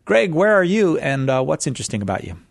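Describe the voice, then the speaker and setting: A man's voice: a little high, sing-song, fast, vocal fry, dry recording, studio quality. Playful man hosting a radio game show. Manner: jokey, upbeat, puts on a game show host voice.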